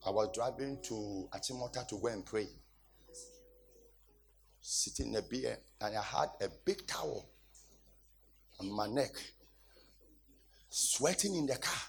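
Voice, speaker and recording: A man's voice: mid-range voice, expressive, measured pace, gravelly, long pauses, a little hiss or hum. A man preaching, telling a story in a dramatic, exclaiming manner. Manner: laughing, exclaiming, dramatic retelling. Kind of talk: animated sermon storytelling.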